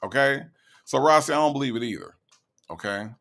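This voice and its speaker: Gravelly man doing mocking commentary. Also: mid-range voice, lively intonation, a bit bright. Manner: mocking, sarcastic, drawn-out delivery. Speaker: commentary host. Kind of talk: casual reaction commentary.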